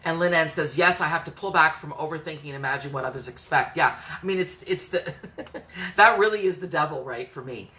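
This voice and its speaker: A woman's voice: low voice, fairly quick, sharp tone. A woman hosting a live advice stream, talking earnestly and encouragingly to viewers and reading out their comments by name. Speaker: host and coach.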